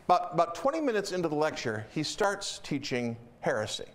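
Animated high-voiced middle-aged male preacher. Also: brisk. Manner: animated, emphatic storytelling. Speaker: pastor. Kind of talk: sermon.

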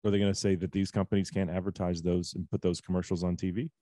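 A man's voice: low voice, level tone, quick pace, mellow, dry recording, clean studio sound. A man in his forties hosting a casual talk show, ranting bluntly with rhetorical questions. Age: 40s. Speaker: host. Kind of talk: casual podcast chat.

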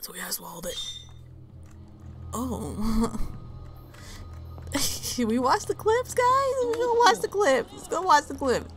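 A woman streamer giving loud, profane, excitable commentary as she plays a game, mocking the characters. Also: high voice, slight background noise. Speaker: gaming streamer. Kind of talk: let's play commentary.

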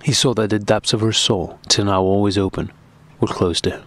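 A man narrating a classic novel as an audiobook in a steady, even reading. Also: on the low side, a little fast.

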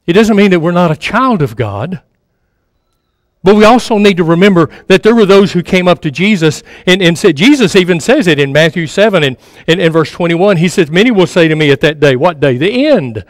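A man's voice: high-pitched, expressive, brisk, dry recording, studio quality, in a large hall. A man preaching a sermon in a conversational way, repeating phrases for emphasis and sometimes dropping to a near-murmur. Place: church sanctuary.

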